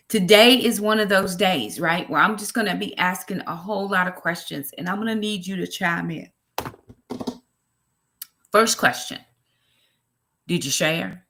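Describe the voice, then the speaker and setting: A woman's voice: on the low side, a little slow, long pauses, bright, forceful tone. A woman with a Southern US accent hosting a ministry livestream, chatting casually and greeting viewers by name. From Brooklyn, New York.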